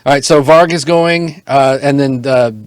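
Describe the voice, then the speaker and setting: A man narrating as game master of an online tabletop game, halting and relaxed, with lots of fillers. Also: mid-range voice, smooth, no room sound, studio quality.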